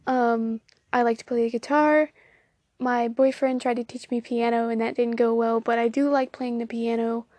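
Young southern girl chatting on her phone podcast, kinda high voice but pretty flat, lots of ums and giggles, dry close sound. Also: no echo. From Southern United States. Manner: rambling, self-deprecating, giggly, many ums. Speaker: podcast host. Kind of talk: casual solo podcast chat.

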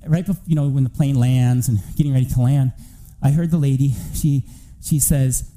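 A man preaching a church sermon, telling a family testimony as an animated story that climbs toward near-shouting. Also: medium pitch, moderate pace, poor audio.

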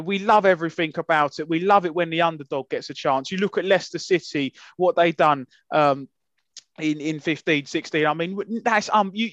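A man's voice: a little high, a bit bright, no room sound. A man co-hosting a casual podcast, ranting with passion and indignation and swearing freely. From England. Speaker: podcast co-host. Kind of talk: heated casual podcast rant. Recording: dull lo-fi sound, dry.

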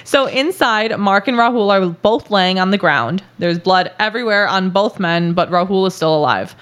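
A woman's voice: mid-range voice, normal speed, a bit bright. A woman hosting a podcast, telling a story in a casual, chatty way, laughing often and using many filler words. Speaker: podcast host.

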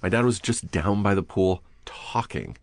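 A man's voice: low voice, normal speed, vocal fry, dry recording. A man hosting a podcast, telling crude, self-mocking stories and acting out his own muttering. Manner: profane, self-mocking storytelling. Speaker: podcast host. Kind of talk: casual chat.

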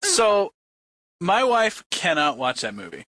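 A man's voice: high voice, wildly swooping pitch, takes it slowly, bright, forceful tone, no room sound. A man co-hosting a podcast, cutting in with joking, emphatic interjections in casual chat. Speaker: podcast co-host.

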